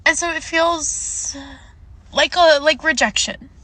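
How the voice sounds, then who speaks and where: Woman, recruiter, personal vlog, earnest and reflective, fairly high voice. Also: slow pace, pushed and bright, dry recording. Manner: earnest, reflective, a little emotional.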